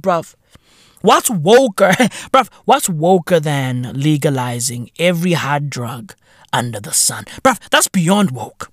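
Podcast host, man, profane ranting with slang; high, slow-paced delivery. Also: no echo, clean studio sound. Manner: profane, slangy, heavy use of "bruv" and "innit"; animated, bursts of shouting. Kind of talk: comedic rant.

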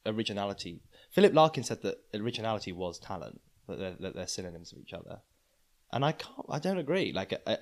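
A man in his twenties, a guest comedian, musing aloud in a casual chat and often restarting his sentences. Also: deep voice.

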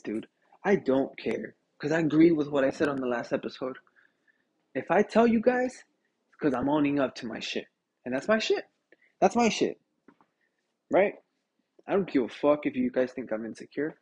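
A young man hosting a podcast, ranting casually with lots of swearing and "dude," sick and short of breath. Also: fairly high pitch. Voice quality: husky. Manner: profane, animated, says "dude" constantly. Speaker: podcast host.

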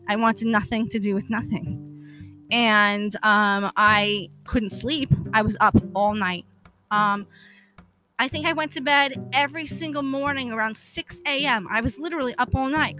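A woman hosting a podcast, telling a personal story in a candid, profane, animated way, acting out the dialogue she quotes. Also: fairly high pitch. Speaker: podcast host. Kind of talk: casual storytelling monologue.

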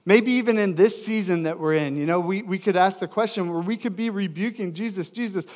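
A young adult man preaching a sermon as pastor, earnest and emphatic, swinging between loud and hushed delivery. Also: high voice, brisk.

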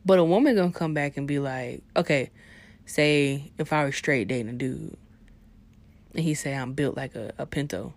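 A young woman delivering a profane comedic rant, swinging between hushed asides and loud outbursts. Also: a bass voice, normal speed. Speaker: vlogger.

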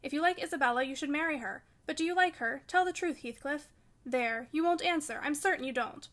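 A woman's voice: high voice, fairly quick, a bit bright. A woman reading the part of a proud, fiery young lady of the house in an audiobook, scolding and commanding. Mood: imperious. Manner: imperious and scolding.

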